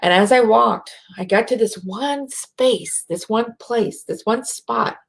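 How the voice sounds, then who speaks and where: A middle-aged American woman with a slight rural twang, speaking softly and reflectively as a spiritual speaker, sometimes dropping into a whisper to guide breathing. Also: a little high, gravelly, husky. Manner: slow, soft, drops to a whisper at times.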